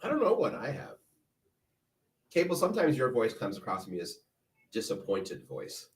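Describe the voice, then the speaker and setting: Man, podcast co-host, jokey, self-deprecating, very lively intonation. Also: mid-range voice, moderate pace. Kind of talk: casual chat. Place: studio radio show.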